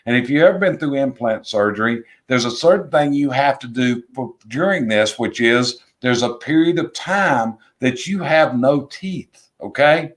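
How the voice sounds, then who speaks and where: A middle-aged man with a Southern US accent, a business coach talking bluntly and emphatically as a guest in an interview, repeating his points for effect. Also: medium pitch. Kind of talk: casual interview talk.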